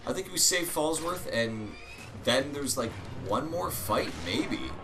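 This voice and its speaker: A man hosting a let's play, chatting casually over gameplay with sudden excited outbursts and swearing. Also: medium pitch, slow pace, music in the background.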